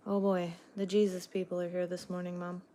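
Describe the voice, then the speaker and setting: A woman's voice: fairly low pitch, level tone, fairly quick, warm tone. Sarcastic woman trucker chatting casually. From Texas. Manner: sarcastic, swears freely. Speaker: truck driver vlogger. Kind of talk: casual livestream chat.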